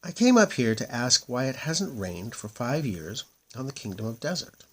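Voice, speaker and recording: A man's voice: mid-range voice, sing-song, normal speed, pitched above the performer's own voice. A man voicing a polite, plucky young prince, speaking mildly in a storybook reading. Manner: polite, mild.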